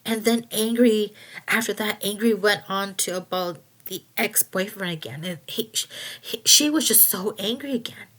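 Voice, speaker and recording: A woman giving a personal testimony in a halting way, with many restarts, and going quiet at painful moments. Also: mid-range voice. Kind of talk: personal testimony, casual retelling.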